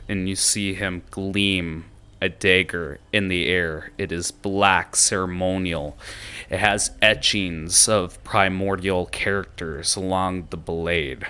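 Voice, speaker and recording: A man narrating a tabletop game as game master, describing scenes at a relaxed pace with frequent filler pauses. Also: deep voice, clean tone.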